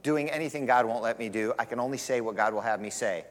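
A man voicing a mercenary male prophet who speaks slowly and solemnly in a lowered voice. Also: big-room sound, natural voice. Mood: insistent.

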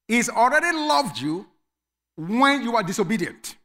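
A man preaching a sermon as pastor, emphatic, dropping to quiet asides and rising to shouted commands. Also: extremely high pitch, big pitch swings, measured pace.

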